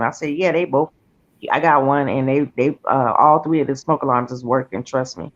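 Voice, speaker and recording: A woman's voice: deep voice, fast, lo-fi sound. A woman chatting casually, telling stories full of swearing and quoted voices. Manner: profane, animated retelling with quoted voices. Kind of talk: casual chat, storytelling.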